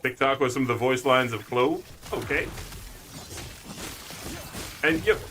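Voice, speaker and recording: A young male streamer with a bright, forward voice chats loosely with his viewers. He talks at a middling pitch and keeps breaking into laughter between jokes. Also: unhurried, a little hiss or hum. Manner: jokey, laughs often between remarks. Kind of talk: casual live-stream chat.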